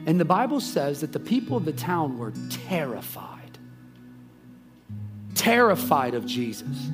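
A man preaching a sermon, retelling a story with lively voices for the people in it and big swings between soft and loud. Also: measured pace, pauses often. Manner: animated, acts out the characters' lines with swings in pitch and volume. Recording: soft guitar music behind the voice.

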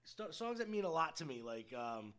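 A man's voice: a little high, very animated, normal speed, a bit bright. A man co-hosting a podcast in casual chat, loose and profane, full of "like" and "you know what I mean.". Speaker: podcast co-host.

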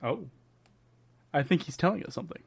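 A man playing a tabletop game speaks fast and stumbles over repeated words. His voice sits a bit high. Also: lively intonation, vocal fry, husky. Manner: quick, stammering repeats. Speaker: player.

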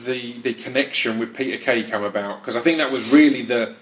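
A man hosting a casual interview, speaking haltingly with frequent restarts. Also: mid-range voice. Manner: halting, restarts often, many agreeing yeahs.

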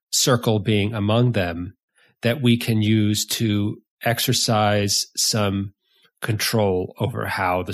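A man hosting a podcast, giving an earnest, measured solo introduction that explains an idea step by step. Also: on the low side. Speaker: podcast host.

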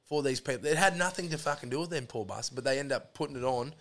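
A man's voice: medium pitch, fast, a bit bright. An Australian man telling a rambling, sweary story in a casual chat, throwing in lots of "mate". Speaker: podcast guest.

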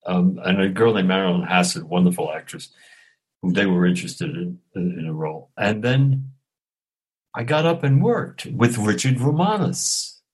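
An older man, an actor telling lively anecdotes in an interview, chuckling and acting out the dialogue. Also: low voice, moderate pace, breathy edge, low-quality recording. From Brooklyn, New York. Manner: animated, acts out dialogue, chuckles often.

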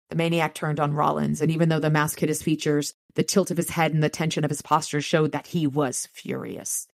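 A woman's voice: low voice, vocal fry, no echo, clean studio sound. A woman podcast co-host loosely retelling a book chapter in a conversational way, then chatting about it.

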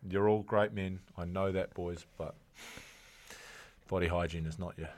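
A man's voice: deep voice, steady tone, a little slow, a little mellow. A man with a New Zealand accent, a former rugby player co-hosting a casual podcast and telling stories. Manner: storytelling, laughing a lot. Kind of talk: casual chat.

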